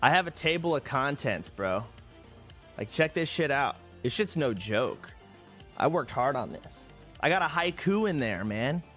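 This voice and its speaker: A young man talks loosely and profanely into a desk mic at home, with an ordinary mid-range pitch. Faint music plays quietly behind him. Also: big pitch swings, a little slow. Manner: loose, profane, laughs at himself. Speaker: livestreamer. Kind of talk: casual stream chat. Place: home streaming room, indoors.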